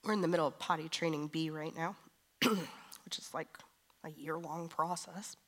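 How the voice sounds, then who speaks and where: Woman, thirties, sermon, conversational preacher, slightly low voice, quiet to emphatic. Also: fairly even intonation, normal speed.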